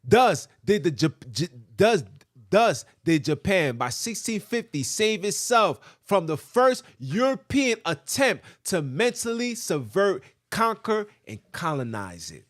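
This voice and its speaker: A man's voice: sits high, sing-song, takes it slowly. A man hosting a podcast, reading a text aloud and breaking off into emphatic, preachy commentary. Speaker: podcast host.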